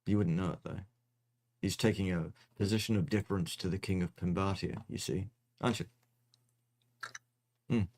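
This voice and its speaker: A man's voice: sits low, steady tone, normal speed, pauses often, a little mellow. A man hosting a casual question-and-answer stream, teasing and dry-humoured while answering questions. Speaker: host answering viewer questions. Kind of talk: casual livestream chat.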